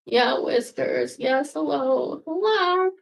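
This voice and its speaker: A woman in her sixties chats at an unhurried pace, goofy and self-mocking, with plenty of swearing. Her voice sits a little high, and she slips into whispers and back out again as she goes. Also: darkish tone. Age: 60s. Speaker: vlogger. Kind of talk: rambling casual chat. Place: home room.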